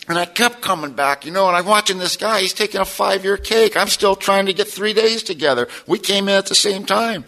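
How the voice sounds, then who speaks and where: Bright-voiced streetwise man telling his story. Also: sits high, fairly quick, hardly any pauses, a little hiss or hum. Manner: streetwise, slangy storyteller who says "man" often; rough, self-mocking humor. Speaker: speaker sharing his story at a recovery meeting. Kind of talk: personal testimony to an audience.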